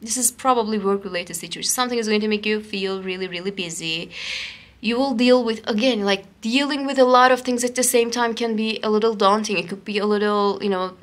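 A woman giving a casual, excitable coffee cup reading to her viewers, talking loosely with many fillers and keeps checking in with "okay?". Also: mid-range voice, a little fast. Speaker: coffee cup and tarot reader.

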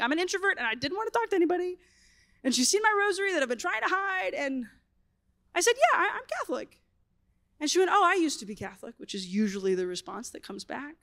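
Chatty woman telling a story. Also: sits high. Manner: animated storytelling with frequent "like" fillers. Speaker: speaker. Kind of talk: storytelling conference talk.

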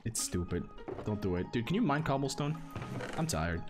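A man's voice: mid-range voice, very animated, moderate pace, over music. A man streaming a game, chatting casually and teasing his co-player with jokey banter. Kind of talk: casual gaming stream chat.

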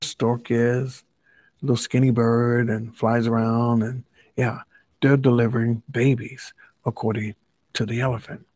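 A man's voice: medium pitch, level tone, measured pace, a little mellow, dry recording. A man reading a children's story aloud as a Bible study teacher, playfully stopping to ask the listener questions.

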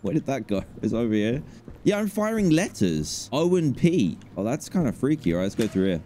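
Animated gamer. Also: male voice, mid-range voice, fairly quick, a little hiss or hum. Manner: jokey, reacting aloud, bursts into panicked yelling. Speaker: gaming YouTuber. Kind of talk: casual let's play commentary.

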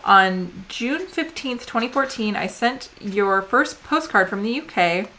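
Woman in her 30s reading fan mail out loud, rambly, lots of ums, easygoing chat. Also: mid-range voice, animated, a little slow. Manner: chatty, rambling, often says "um". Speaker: vlog co-host.

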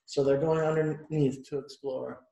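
A man's voice: fairly high pitch, little pitch movement, moderate pace, vocal fry, warm tone, roomy sound, low-quality recording. A male teacher reading a picture book aloud to children, stopping to explain the pictures and ask them questions. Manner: chatty, explains the pictures, asks the kids questions.

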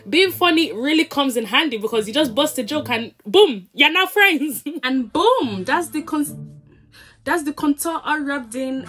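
A woman's voice: fairly high pitch, a bit bright. A young woman, chatting playfully and joking as she does her makeup on camera. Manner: playful, jokey, laughs often. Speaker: beauty vlogger. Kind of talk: casual chat while doing makeup.

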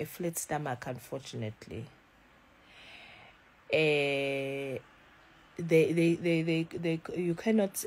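A South African YouTuber in her thirties vents in a casual vlog, animated and switching languages mid-sentence. She has a low voice.

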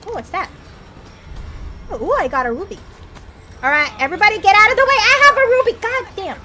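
A woman's voice: very high voice, lively intonation, brisk, loud music behind the voice. A woman streaming a horror game, chatting casually, panicky and jokey, bursting into shrieks and laughter. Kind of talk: casual gameplay commentary.

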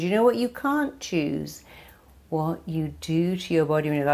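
A woman's voice: low voice, measured pace, a little mellow. A woman therapist giving a motivational talk, emphatic and building her points through repeated lists.

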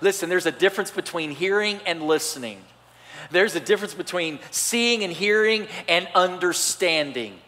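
A man preaching a sermon as pastor, animated and swinging between loud and soft delivery. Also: high-pitched, moderate pace, a little hiss or hum. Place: church sanctuary. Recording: church hall reverb.

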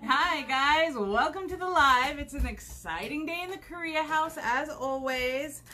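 A woman's voice: high voice, a little slow, pushed and bright. A woman chatting casually while demonstrating a craft on a livestream, rambling with many fillers, recorded at home on the camera mic.

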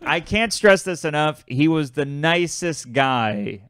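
A man's voice: on the high side, animated, takes it slowly, fairly bright tone, clean tone, no echo, clean studio sound. Man telling a backstage story. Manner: storytelling, riffing with quoted voices. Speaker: podcast co-host. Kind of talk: casual chat.

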